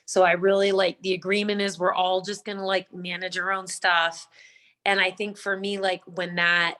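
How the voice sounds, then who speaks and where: A mother speaks in a parenting group call. Her telling is chatty and loose, full of little fillers, in a voice somewhat low for a woman. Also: flat delivery, moderate pace, sharp tone. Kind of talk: casual group discussion.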